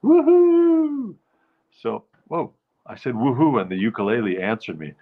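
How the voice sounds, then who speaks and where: A man's voice: on the low side, fast talker, phone-quality sound. A man hosting his own live show, chatting casually and rambling as he greets viewers by name. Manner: rambling, chatty, self-interrupting. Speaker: host of a nightly live show.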